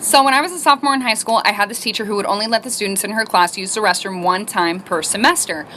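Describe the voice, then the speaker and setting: Woman, bright tense voice, casual storytime, animated, laughing storyteller. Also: mid-range voice, quick pace, slight background noise.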